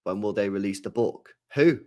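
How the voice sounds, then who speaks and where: A young man, hosting a casual football stream, rambling in slangy, animated asides. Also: on the low side, normal speed. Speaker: football channel host. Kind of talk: casual livestream chat.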